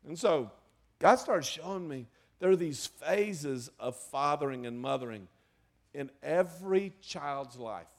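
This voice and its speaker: An older man with a gravelly, slightly raised voice preaches in earnest. His delivery swings from pressed emphasis to hushed, confiding asides, and he speaks from the pulpit to a congregation. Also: fairly high pitch, animated, a little slow. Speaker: pastor. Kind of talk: sermon.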